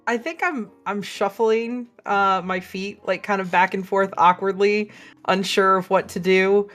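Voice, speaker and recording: Slow-talking woman player. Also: mid-range voice, steady tone, fairly bright tone, soft background music. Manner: slow, hesitant speech. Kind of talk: tabletop role-play.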